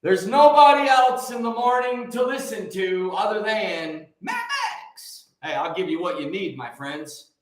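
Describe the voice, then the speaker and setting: An American man hosting a morning livestream, hyped and shouting out viewers by name with rhyming catchphrases. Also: sits high, moderate pace, heavy reverb, low-quality recording. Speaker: livestream host. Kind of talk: upbeat live-stream greeting viewers.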